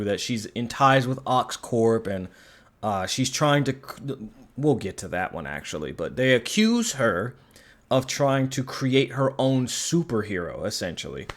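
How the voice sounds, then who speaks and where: A man giving a casual spoken film review, rambling and sarcastic, swearing casually. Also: medium pitch. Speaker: movie reviewer.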